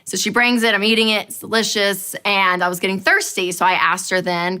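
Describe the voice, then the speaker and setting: A woman giving a personal finance talk, telling a lively story with animated expression and frequent laughter. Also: mid-range voice, brisk, clear, resonant tone.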